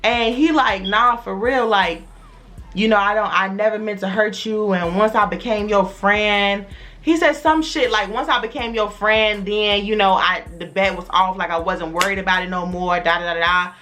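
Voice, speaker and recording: A young woman from the Chicago area telling a personal story on her vlog in casual slang, acting out the other people in a lowered voice. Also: normal speed, sharp tone. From Chicago area, USA.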